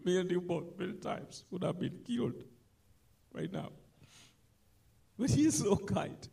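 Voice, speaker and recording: A man preaching a sermon, animated, swinging between loud emphatic lines and soft asides. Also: high voice, unhurried, gravelly, husky.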